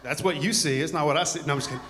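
A man's voice: on the high side, very fast, fairly bright tone, in a large hall. A man preaching a conversational sermon to a congregation, full of joking asides and rambling stories. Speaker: pastor.

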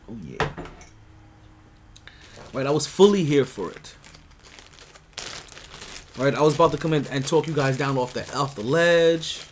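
A man's voice: on the high side, a little hiss or hum. A man hosting a sports podcast, talking casually and rambling with restarts, bursts of emphasis and laughs. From United States. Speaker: podcast host.

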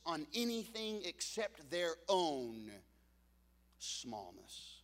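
Animated high-voiced preacher. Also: male voice, moderate pace, in a large hall. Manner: animated storytelling, swinging from loud peaks to hushed lows; joking asides to the congregation. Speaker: pastor. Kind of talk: sermon.

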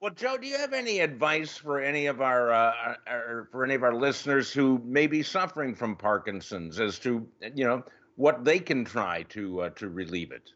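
A man's voice: mid-range voice, expressive, normal speed, few pauses, a bit bright, lo-fi sound. A man hosting a podcast interview, laughing along and putting questions to the guest. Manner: laughs along, short reactions. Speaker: podcast host. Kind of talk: interview chat.

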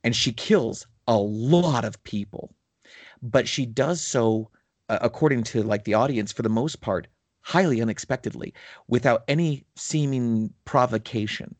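A man's voice: mid-range voice, unhurried, no echo. A man in casual podcast chat, telling a long story with enthusiasm and many fillers. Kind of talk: casual chat about tabletop gaming.

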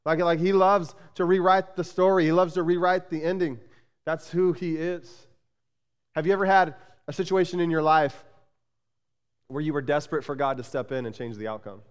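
A man's voice: fairly high pitch, steady tone, normal speed, smooth. A man preaching a sermon as pastor, speaking conversationally with frequent "like" and restarts, in a church sanctuary. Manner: conversational, repeats "like" and restarts often. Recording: long hall reverb.

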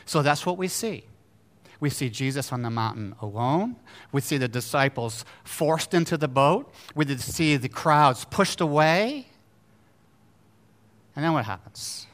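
A man preaching a sermon, swinging between loud exclamations and hushed storytelling and asking his listeners rhetorical questions. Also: fairly high pitch, animated, unhurried. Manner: asks the congregation rhetorical questions. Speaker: pastor.

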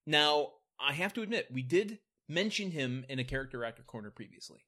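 A man's voice: a little high, lively intonation, fairly quick, sharp tone. A man co-hosting a podcast who runs the segments and laughs often in casual chat. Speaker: podcast co-host.

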